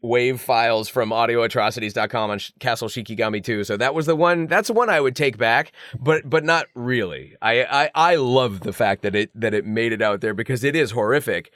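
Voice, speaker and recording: A middle-aged male voice actor, a guest in a casual interview, telling animated, self-mocking stories with lots of fillers. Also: medium pitch, a little fast, few pauses, dry recording, clean studio sound.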